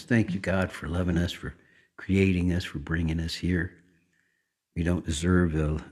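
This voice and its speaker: A man hosting a weekly gospel livestream, talking softly and devotionally to viewers, with frequent filler words. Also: sits low. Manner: soft-spoken, unhurried, many filler words. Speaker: gospel singer and livestream host. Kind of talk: casual devotional talk. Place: home livestream.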